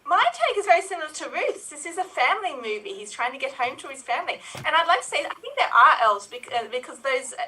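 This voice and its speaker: A woman on a comedy panel talks eagerly and quickly. Her voice is high and bright, and it sounds distant on the mic. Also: big pitch swings, a little hiss or hum. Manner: eager, talkative. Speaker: improv panelist.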